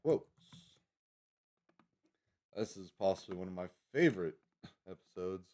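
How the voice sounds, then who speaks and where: A man's voice: low-pitched, lively intonation, a little slow, mellow. Rambling man hosting a livestream. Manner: rambling, lots of fillers and self-corrections. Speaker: livestream host. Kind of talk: casual livestream chat.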